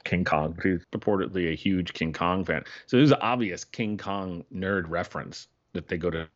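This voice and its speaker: Casually discussing a film as a podcast co-host, this low-pitched man speaks at a moderate pace. His talk wanders, sentences break off midway, and laughter comes frequently. The recording sounds dull and lo-fi.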